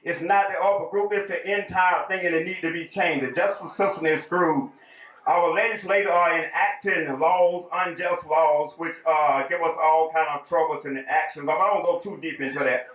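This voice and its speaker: A man's voice: fairly high pitch, steady tone, normal speed, fairly bright tone. A man with a Southern US accent, raised in the South and born in New York, giving a bold, folksy campaign speech with jokes. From raised in the American South, born in New York. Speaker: political candidate giving a speech. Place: public event hall. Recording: echoey room, voice from far off.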